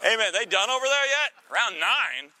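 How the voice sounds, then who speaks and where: A man preaching a sermon in a teasing, conversational way, full of quick asides to the congregation. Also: extremely high pitch, expressive, sharp tone, no room sound. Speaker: pastor.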